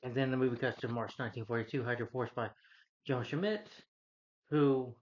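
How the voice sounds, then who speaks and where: Male movie reviewer, average pitch, casual rambling recap, earnest, muffled home-recording quality. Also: fairly even intonation, moderate pace. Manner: rambling, loose retelling with restarts; earnest, heartfelt asides.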